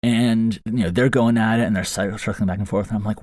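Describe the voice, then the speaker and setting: On the low side and darkish in tone, a podcast host speaks fairly quickly with fairly even intonation while telling a funny story. His delivery is rambling and amused, packed with fillers and restarts. He's recorded close on a studio mic in a small foam-lined box, sounding very dry.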